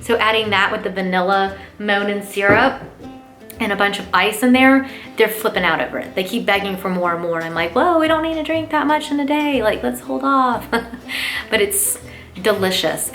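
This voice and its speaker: A woman hosting a chatty lifestyle vlog, her voice clear and bright at a middling pitch. She gushes and exclaims as she addresses viewers directly as friends, with soft music playing underneath. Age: adult parent. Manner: gushing and enthusiastic, lots of "oh my gosh"; warm, talks straight to viewers as "you guys". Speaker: lifestyle channel host. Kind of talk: chatty gift-guide vlog.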